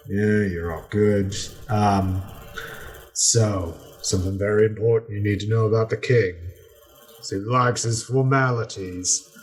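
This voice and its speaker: A man voicing a fussy, chummy gatekeeper in a tabletop role-play game, talking in a wheedling, hurried way. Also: lowish voice, lightly acted.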